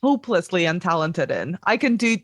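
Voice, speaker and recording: A woman's voice: on the low side, very animated, a little fast, no echo. Woman guest chatting, pokes fun at herself, dry close sound. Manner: self-deprecating, laughing. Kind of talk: casual chat.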